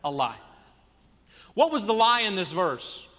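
High, bright-voiced preaching pastor. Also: male voice, unhurried. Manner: animated preaching with rhetorical questions. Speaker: senior pastor. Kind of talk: sermon. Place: church sanctuary. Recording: long church hall reverb.

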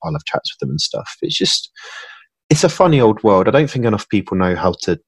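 A man's voice: on the low side, sing-song, a little fast, husky, dry recording. A man in casual podcast chat, rambling earnestly and often correcting himself. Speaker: podcast guest, hiring client.

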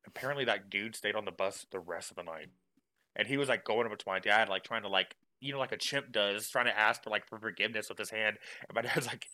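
A man hosting a casual podcast, spinning a long family story with plenty of self-deprecating asides. His voice sits a little low but has a bright, forward tone. The delivery is loose and chatty. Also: brisk, rough recording. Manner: rambling, self-deprecating, jokey. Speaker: podcast host.

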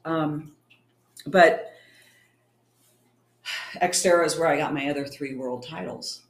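A woman's voice: sits low, takes it slowly. Chatty woman telling stories, echoey room. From California. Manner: chatty, acts out quoted dialogue. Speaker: guest, champion cyclist and triathlete. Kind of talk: casual storytelling interview. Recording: roomy echo.

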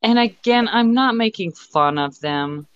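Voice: mid-range voice, expressive, measured pace, fairly bright tone, clear, resonant tone, no room sound. A podcast co-host in casual chat, giving blunt, profane, rambling opinions, recorded with slightly muffled audio.

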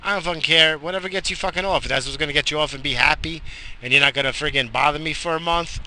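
A man's voice: on the high side, quick pace, sharp tone, a little hiss or hum. A tired man in his forties, hosting a podcast, rambling bluntly and profanely with a joking streak. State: exhausted. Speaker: podcast host. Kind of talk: crude rambling monologue.

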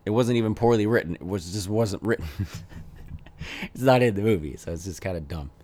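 A man's voice: fairly low pitch, a little fast, a little mellow. A man co-hosting a casual chat about a movie, rambling with lots of fillers and frequent laughs. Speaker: podcast co-host.

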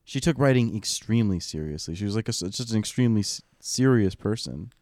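A man talking casually and knowledgeably about an author, animated, with many fillers. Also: fairly low pitch, fast talker, no room sound, studio quality. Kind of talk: casual book club discussion.

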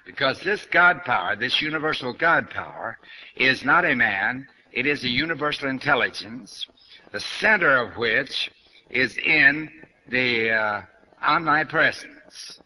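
A man's voice: medium pitch, lively intonation, measured pace, sharp tone, poor audio. An older man giving a spiritual lecture to an audience, blunt and questioning, speaking straight to his listeners. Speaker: New Thought lecturer.

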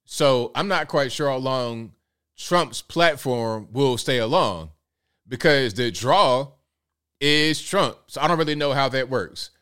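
Smooth clear guy hosting a live commentary stream, casual, folksy, keeps repeating stuff for emphasis. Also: medium pitch, lively intonation, takes it slowly, a bit bright. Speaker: host of a political commentary show.

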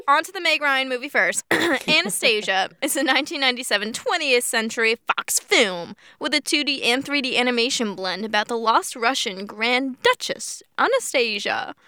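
Bright, crisp young woman co-host. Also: a little high, animated, moderate pace, no room sound, clean studio sound. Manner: giggly, playful, stumbles over names. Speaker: podcast co-host. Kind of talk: casual chat reading film credits.

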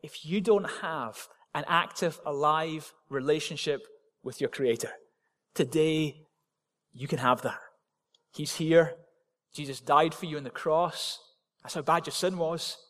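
Man, pastor, emphatic sermon, high-pitched voice, long hall reverb. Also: measured pace, a bit bright. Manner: emphatic, repetitive declarations. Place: church hall.

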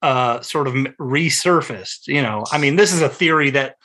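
A middle-aged man hosting a podcast, telling stories in casual, profane, animated chat. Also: medium pitch, normal speed. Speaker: podcast host.

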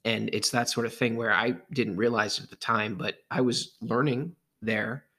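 A man co-hosting a casual podcast with his wife, easygoing with dry jokes and halting restarts. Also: medium pitch, steady tone, sharp tone, husky. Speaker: podcast co-host, father. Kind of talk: casual chat.

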